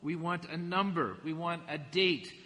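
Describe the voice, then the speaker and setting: Bright-voiced man preaching a sermon. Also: fairly high pitch, measured pace. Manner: reflective, with gentle asides and laughs. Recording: long hall reverb.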